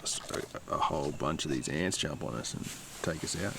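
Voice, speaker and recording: A man's voice: a bass voice, brisk, gravelly, a bit bright, far from the mic, a little hiss or hum. An Australian man co-hosting an outdoor podcast, laid-back, with short easygoing replies. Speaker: podcast co-host. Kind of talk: casual outdoor podcast chat.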